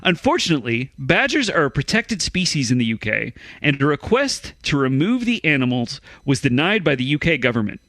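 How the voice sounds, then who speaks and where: Male comedy co-host, deadpan news reading, fairly high lively voice, dry close sound. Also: fairly quick, hardly any pauses, dry recording. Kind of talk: reading news items with comic banter.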